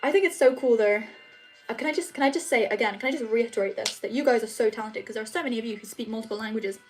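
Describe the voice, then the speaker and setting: A woman's voice: a little high, racing, soft background music. A teenage girl from England chatting casually on a livestream as she reads and answers comments, often restarting her sentences. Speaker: livestream host. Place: home room.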